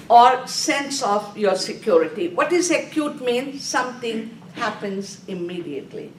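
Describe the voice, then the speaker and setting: A woman instructor giving a classroom review lecture, asking questions, answering them herself and telling students to underline key words. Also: a little high. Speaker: nursing exam review instructor. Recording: echoey room, voice from a distance, faint noise.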